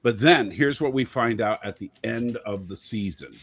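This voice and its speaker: A man's voice: mid-range voice, normal speed, a bit bright, husky. A man in casual discussion, talking eagerly and thinking aloud with lots of fillers.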